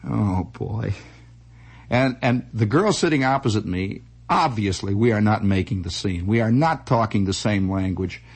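A man's voice: medium pitch, breathy edge. A man telling a rambling, wry, self-mocking comic story as a monologue.

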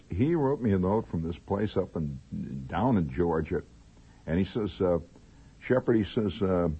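A man with a Midwestern accent hosting a late-night radio monologue, rambling through stories with asides and chuckles. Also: low voice. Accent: Midwestern American. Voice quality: husky. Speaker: radio host. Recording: tinny old radio broadcast, faint music.

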